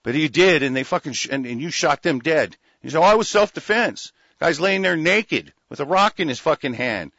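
Man, fairly high voice, furious profane ranter who trips over his words, dry and dull lo-fi sound. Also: expressive, brisk, few pauses, bright, forceful tone, no room sound. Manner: angry, heavy cursing, stumbling restarts. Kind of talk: profane ranting commentary. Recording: dull lo-fi recording.

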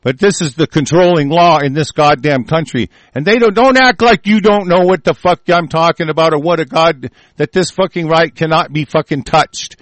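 A man's voice: on the high side, moderate pace, few pauses, a bit bright, no echo. A man delivering an angry, profanity-laden monologue, swearing constantly and often breaking off and restarting mid-sentence.

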